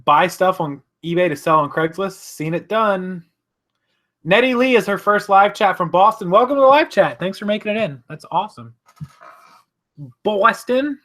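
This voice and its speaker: A man hosts an easygoing live stream from home, his high-pitched voice lively in intonation and fairly bright in tone, at a moderate pace. He chats loosely, self-corrects, and responds to what viewers write.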